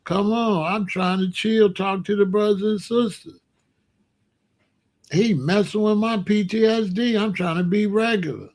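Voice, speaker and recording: Man, high voice, casual online rant, mocking, animated, laughing. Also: measured pace. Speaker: online commentator. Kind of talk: casual ranting commentary.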